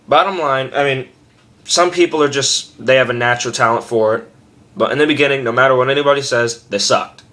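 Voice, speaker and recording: A man's voice: mid-range voice, fairly bright tone. A young man talks through a home-made screaming lesson in a loose, rambling way. He curses freely and jokes at his own expense, and he sounds as if he is recorded on a simple camera mic at home. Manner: rambling, profane, self-deprecating. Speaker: screaming tutor. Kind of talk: casual vocal tutorial.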